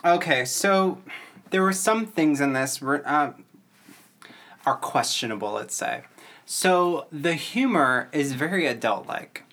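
A woman co-hosting a podcast in casual chat, chatty and quick to laugh. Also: low-pitched, lively intonation, a bit bright. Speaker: podcast co-host.

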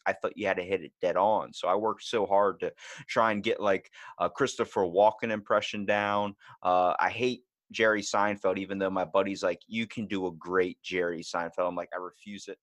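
A man hosting a podcast, telling stories in an animated, rambling way, full of "like". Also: fairly low pitch, no room sound. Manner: rambling, animated storyteller, many "like"s. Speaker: podcast host. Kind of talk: casual podcast chat.

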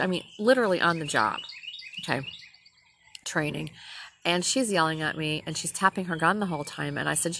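A woman's voice: fairly low pitch, brisk, sharp tone, slight background noise. A middle-aged woman, a nurse, bluntly ranting and telling a story in a profane personal vlog.

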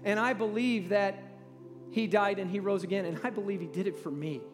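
A man in his forties preaching a sermon in a church, talking in a halting, conversational way with repeated words and drawing the audience to respond. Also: sits high, over music. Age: 40s. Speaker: pastor. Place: large church hall. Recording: long reverb in a large hall.

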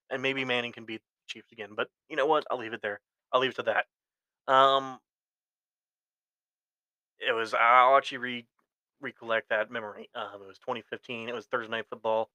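Solo podcast host, man with a bright forceful voice, rambles and corrects himself, dry close mic. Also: medium pitch, dry recording, rough recording. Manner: rambling, self-correcting, opinionated fan talk. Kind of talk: solo sports podcast monologue.

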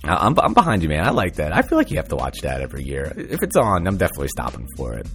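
A man's voice: extremely low pitch, huge pitch swings, rapid-fire, a bit bright, soft background music. A man co-hosting a podcast, chatting casually in a laid-back, rambling way with lots of fillers. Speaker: podcast co-host. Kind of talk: casual chat.

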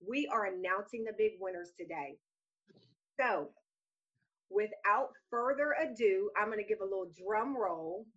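A woman's voice: medium pitch, lively intonation, unhurried, a bit bright. A woman hosting a ministry show who prays fervently, calling out "oh God" again and again, then talks casually. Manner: fervent, repeats "oh God" while praying. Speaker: ministry host. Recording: dull lo-fi sound.

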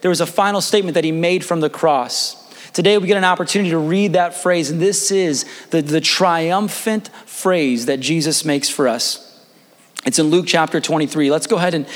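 Young pastor preaching in a reverberant hall. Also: male voice, a little high, normal speed. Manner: casual, storytelling, frequent restarts and laughs. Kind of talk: sermon with personal story.

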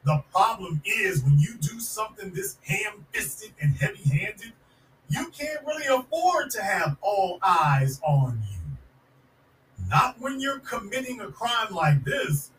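A man with a high voice delivers a fiery, sarcastic commentary monologue, circling back to drive each point home. He sits back from the mic in an echoey room with a faint hiss underneath. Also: big pitch swings, slow, a bit bright, distant mic. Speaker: podcast host.

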